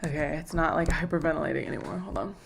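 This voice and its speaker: A woman's voice: sits low, fairly even intonation, rapid-fire, creaky, very noisy. A young woman chatting on a live stream, rambling and self-conscious, out of breath from running. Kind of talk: casual live stream chat.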